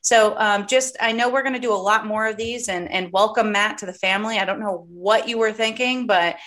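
A woman's voice: medium pitch, a little fast, a bit bright. Woman podcast host with a mid-range voice, chatty and emphatic, candid and informal. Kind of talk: casual chat.

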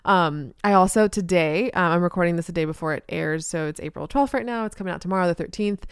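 A woman hosts her own podcast, chatting casually on her own in an upbeat way that is full of ums. Her voice sits a little low and sounds smooth and clear. The recording is dry and close. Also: fast, no room sound. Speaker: podcast host, social media marketer. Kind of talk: casual solo podcast talk. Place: podcast studio with couch and rug.

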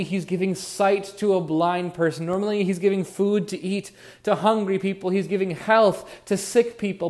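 A man's voice: sits high, a little mellow. A man preaching a sermon as pastor, earnest and musing, leaning on words for emphasis. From Oregon.

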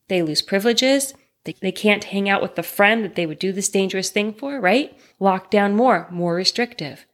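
Earnest woman explaining gently. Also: mid-range voice. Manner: earnest, reassuring, rhetorical questions. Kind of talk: direct-to-listener talk on trauma.

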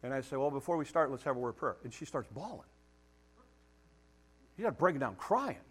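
A man's voice: mid-range voice, big pitch swings, a little fast, breathy edge. A middle-aged man preaching a sermon, emphatic and direct, challenging his listeners and repeating words as he builds each point. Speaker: pastor.

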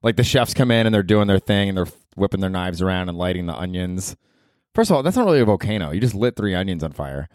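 A man in his thirties with a fairly low voice hosts a casual solo podcast. He rambles through profane stories and laughs along. The sound is dry and close, with no room sound. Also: big pitch swings, quick pace, a little mellow, dry recording. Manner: rambling, profane storytelling with chuckles. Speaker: podcast host.

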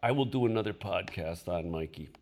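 A man's voice: sits low, lively intonation, brisk, a little mellow. An older man hosting a podcast, telling stories in a casual way and often laughing as he talks. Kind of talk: casual storytelling.

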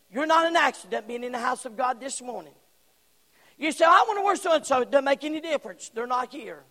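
Male pastor, very high voice, fiery shouting sermon with hushed drops, long church reverb. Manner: fiery preaching, swings from shouts to hushed tones. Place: church sanctuary.

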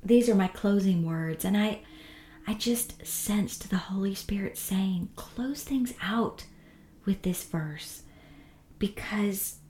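A woman teaching a devotional Bible lesson in an earnest, gentle manner, often dropping to a soft hush. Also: mid-range voice, reverberant. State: tearful.

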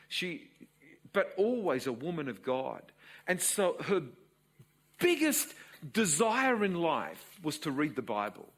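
Animated husky Australian pastor. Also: male voice, medium pitch. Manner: storytelling, animated, addressing the congregation. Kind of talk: sermon.

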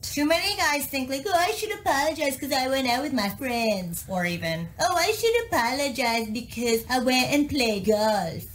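A woman's voice: sits high, lively intonation, moderate pace, hardly any pauses. A woman voicing a brash, crude female dating coach who lectures men bluntly. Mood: mocking.

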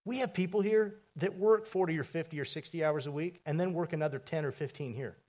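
Guy pastor giving a sermon, kinda high voice, chatty storytelling, goes loud then hushed. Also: fairly quick. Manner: conversational storytelling with asides to the congregation.

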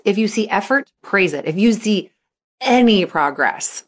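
A woman coach in casual podcast talk, chatty with lots of filler words, jumping into high excited bursts when she acts out what people say. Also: moderate pace. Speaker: mental skills coach for young athletes.

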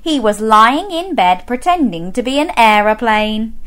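A woman reading a picture book aloud to young children, animated and sing-song, coaxing them to join in. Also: fairly high pitch, measured pace, clean tone. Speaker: children's storyteller.

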